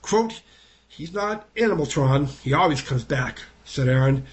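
Guy with a high voice reading a news story out loud, perks up on the quotes and the counting. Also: a little slow. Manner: lively, lifts the voice for quoted speech and counted numbers. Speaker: reader of a news feature. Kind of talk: reading a newspaper feature aloud.

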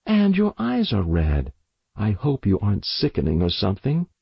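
A man reading a storybook voices a scolding middle-aged mother in a sharp, nagging tone, pitched well above his own voice. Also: huge pitch swings, moderate pace, gravelly, slightly rough, no room sound, muffled recording, full character voice.

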